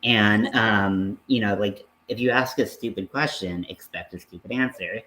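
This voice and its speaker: A man's voice: lowish voice, fairly even intonation, moderate pace, sharp tone, a little hiss or hum. A man co-hosting a livestream who chats casually, swears and laughs while telling stories. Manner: loose, swearing, laughing storyteller. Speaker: livestream co-host. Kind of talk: casual chat.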